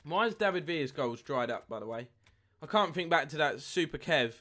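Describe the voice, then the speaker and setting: Bright-voiced young male game streamer. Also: on the high side, fairly quick. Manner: chatty, reads chat aloud, excitable at goals. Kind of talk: live gameplay commentary and chat.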